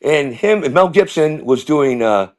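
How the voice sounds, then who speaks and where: A man, a comedian guest, telling rambling animated stories in casual talk over a video call. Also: fairly high pitch, unhurried. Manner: rambling, animated, slips into impressions. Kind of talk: casual interview storytelling.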